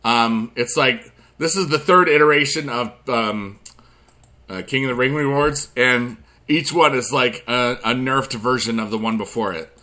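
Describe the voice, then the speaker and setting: Bright-voiced rambling gaming host. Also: male voice, mid-range voice, unhurried. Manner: rambling, chatty, drifts from quiet asides to loud excited bursts; addresses viewers directly with friendly advice. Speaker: YouTube gaming channel host. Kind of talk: rambling gameplay commentary.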